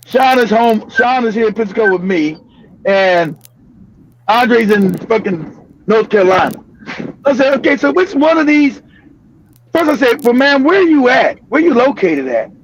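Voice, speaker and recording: An older man from California, hosting a live stream and telling a story loudly with profanity, laughter and bursts of shouting. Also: very high-pitched, big pitch swings, normal speed, slight background noise. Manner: loud, profane, laughing, often breaks into shouting. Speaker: livestream show host. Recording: dull lo-fi stream audio.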